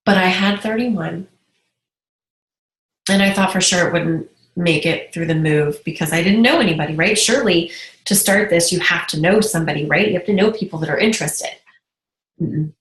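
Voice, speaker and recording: A woman in her thirties who leads a direct sales team and moved to North Carolina talks casually and earnestly to viewers on a live video, becoming emotional. Her voice sits on the low side at a moderate pace, and the audio is poor with an echoey room.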